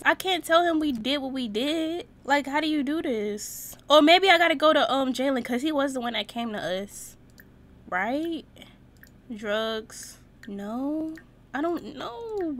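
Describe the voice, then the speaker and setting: Young woman doing sims commentary, high bouncy voice, cusses a lot, talks to chat. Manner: expressive, swears a lot, talks to viewers. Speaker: Sims gameplay YouTuber. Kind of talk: casual gameplay commentary.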